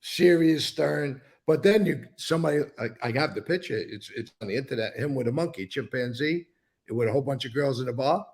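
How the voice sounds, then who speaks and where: Gravelly older New man, blunt. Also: medium pitch, a little fast, a little mellow. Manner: rambling, blunt, swears freely. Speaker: interview guest. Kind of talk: casual storytelling interview.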